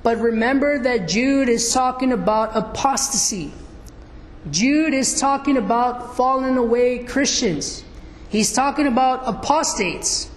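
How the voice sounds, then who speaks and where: A man preaching a sermon, asking the congregation questions as he reads and explains scripture. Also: very high voice. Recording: echoey hall.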